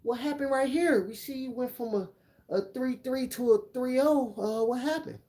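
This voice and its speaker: A man voicing a dismissive, condescending old male college coach, his pitch pushed up high. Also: moderate pace, warm tone. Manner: mocking, condescending.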